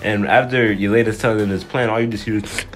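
A young man giving excited, slangy anime reaction commentary, joking and breaking into yells. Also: fairly low pitch, a little fast, music in the background. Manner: hyped, slangy, jokey, bursts into yells. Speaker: anime youtuber.

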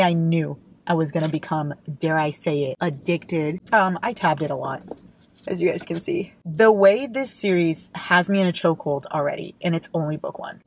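Brief: emotional twenty-something American woman book vlogger, reads aloud, gushes and tears up, records in her car. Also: on the low side. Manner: emotional, gushing, often crying. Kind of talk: reading aloud and reacting. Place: parked car.

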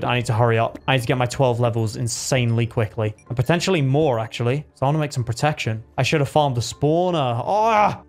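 A young man giving excited live commentary on a game he is playing. He talks to himself, yelps at close calls and laughs at his own plays. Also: mid-range voice. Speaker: gaming video creator.

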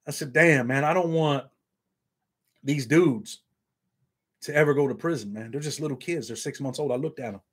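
A man's voice: medium pitch, normal speed, pauses often, breathy edge. A man hosting his own online show, talking bluntly and earnestly to his viewers and saying "man" at the end of nearly every line. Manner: blunt, heartfelt, says "man" constantly. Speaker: YouTube show host. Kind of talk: casual straight-talking monologue to camera.

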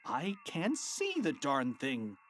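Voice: medium pitch, wildly swooping pitch, slow, a little hiss or hum. An audiobook reader voicing a grumpy middle-aged male school principal who growls and snaps his lines. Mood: angry. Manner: growling, snapping. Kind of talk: audiobook character voice.

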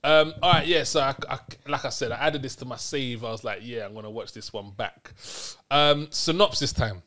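A man hosting a casual film review podcast, teasing his guest and explaining things in a relaxed way. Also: medium pitch, moderate pace. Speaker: podcast host. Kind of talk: casual chat.

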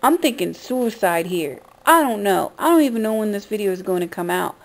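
A woman's voice: mid-range voice, animated, a little fast, low-quality recording. A woman vlogger talking in an upset, profane rant, shocked and ranting. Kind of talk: emotional vlog rant.

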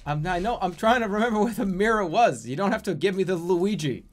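A man streaming a game with casual commentary, breaking into loud outbursts, laughter and swearing. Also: sits high, animated, brisk.

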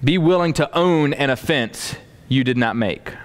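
A man's voice: medium pitch, normal speed. A man preaching a sermon to a congregation, acting out everyday dialogue as he teaches. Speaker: pastor.

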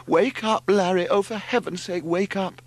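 A man reading aloud, voicing a flustered middle-aged mother who shrieks in a high, frantic voice. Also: normal speed. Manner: shrill and frantic.

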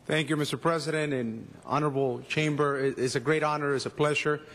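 A man's voice: fairly high pitch, steady tone, brisk, fairly bright tone, big-room sound. A man who works as a news anchor giving an earnest acceptance speech, repeating words as he goes. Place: city council chamber.

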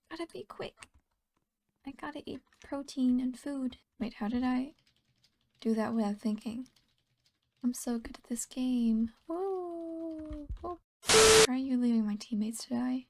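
A woman's voice: fairly high pitch, gravelly, darkish tone. A tired woman giving casual gameplay commentary, often half-whispering and mumbling to herself. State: sleepy and tired. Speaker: gaming channel host.

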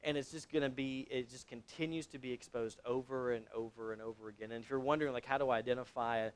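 A man preaching a sermon to young adults, telling the story in a casual, conversational way with sudden loud exclamations. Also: mid-range voice, steady tone, fast, smooth.

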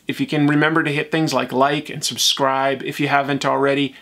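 A man hosting a comics video show, signing off in a relaxed, chatty way and correcting himself now and then. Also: mid-range voice, fairly quick, vocal fry. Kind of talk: casual video outro and bloopers.

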